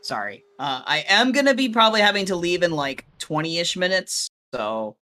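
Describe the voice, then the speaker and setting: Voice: medium pitch, very animated, bright, forceful tone. A guest co-commentator on a game stream who talks casually, often restarting sentences. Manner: halting, restarts often, laughs easily.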